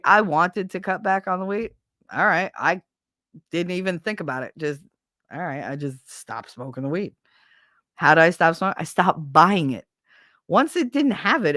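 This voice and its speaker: A woman's voice: lowish voice, fairly bright tone, no echo, clean studio sound. A woman hosting a livestream, talking casually with her chat, laughing often and swearing freely. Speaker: livestream host reading chat.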